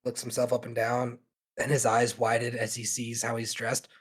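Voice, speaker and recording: A man's voice: medium pitch, monotone, moderate pace, husky. A man narrating as game master of a tabletop game. He talks in a casual, loose way with plenty of fillers.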